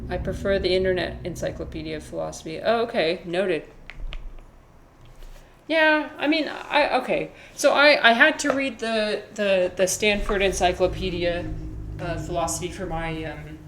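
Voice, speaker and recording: A woman's voice: on the low side, moderate pace, background noise. A young woman livestreaming a game, chatting in a rambling, casual way while reading chat. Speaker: streamer.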